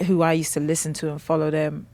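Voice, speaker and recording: Lively London woman in conversation. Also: low-pitched, fast. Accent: London English. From West London, England. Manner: animated storyteller, mimics others. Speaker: guest, singer and rapper. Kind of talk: casual interview chat.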